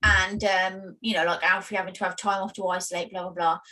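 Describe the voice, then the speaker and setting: A woman from the UK co-hosting a podcast, chatting casually and telling stories with lively quoting. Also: medium pitch, fairly quick. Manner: chatty storyteller, animated quoting. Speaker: podcast co-host. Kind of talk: casual chat.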